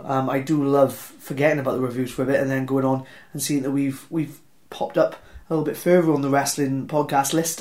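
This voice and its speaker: A man's voice: on the high side, darkish tone. Chatty Welsh man hosting a podcast. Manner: chatty, self-deprecating, rambling. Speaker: podcast host. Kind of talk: casual podcast intro and ad reads.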